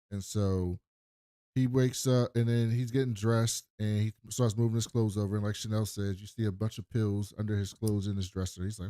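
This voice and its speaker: A man's voice: lowish voice, moderate pace, clear, resonant tone, no room sound, clean studio sound. A man co-hosting a podcast, casually recapping an episode and acting out the characters' lines. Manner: animated retelling with acted quotes. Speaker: podcast co-host.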